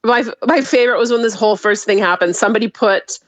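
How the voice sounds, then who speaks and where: A woman's voice: fairly high pitch, quick pace, no echo. A woman co-hosting a podcast, ranting casually with a lot of swearing. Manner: profane, exasperated ranting. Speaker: podcast co-host.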